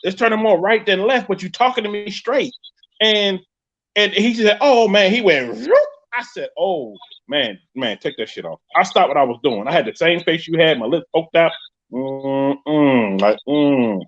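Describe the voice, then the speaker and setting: New york guy hosting a live podcast, high voice, cussing and cracking up as he tells it, kinda muffled lo-fi sound. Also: moderate pace. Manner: animated, profane storytelling with laughs. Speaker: podcast host. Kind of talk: casual live podcast storytelling. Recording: dull lo-fi stream audio.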